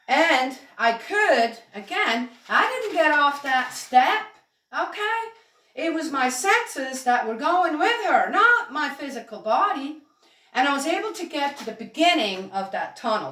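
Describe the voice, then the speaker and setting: A woman telling her own story in a casual, rambling way, full of fillers, soft laughs and asides to herself. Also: high voice. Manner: talks to herself aloud. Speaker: spiritual storyteller. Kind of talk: casual spoken memoir narration. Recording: very echoey room, distant mic, faint hiss.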